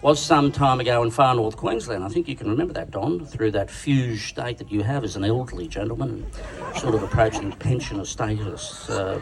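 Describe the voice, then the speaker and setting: A man's voice: mid-range voice, moderate pace, creaky, hardly any pauses. Crude Australian man roasting from a stage. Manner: bawdy, crude and self-mocking, with a crowd laughing along. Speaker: roast speaker. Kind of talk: stand-up roast speech at a dinner. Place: large function room at a dinner event. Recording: distant sound with a loud crowd.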